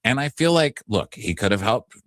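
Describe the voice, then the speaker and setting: A man's voice: medium pitch, animated, moderate pace, fairly bright tone, no room sound, studio quality. A man co-hosting a casual recap podcast, blunt and opinionated in his chat. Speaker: podcast co-host.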